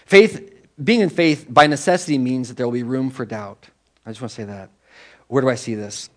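A male pastor of medium pitch preaches a little fast during a church service. He keeps it conversational while alternating between emphatic and hushed delivery.

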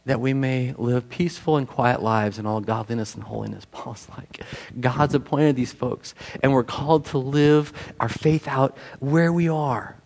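A man's voice: medium pitch, fairly even intonation, normal speed, vocal fry, hardly any pauses, a little mellow. A man preaching a sermon as pastor, talking in a conversational, self-deprecating way with many rhetorical questions.

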